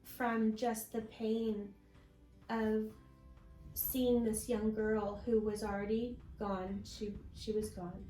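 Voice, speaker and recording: A woman guest sharing a personal faith testimony in an interview, telling her story slowly and from the heart. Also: mid-range voice, level tone, mellow, reverberant, soft background music, low-quality recording. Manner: slow, heartfelt storytelling with many pauses.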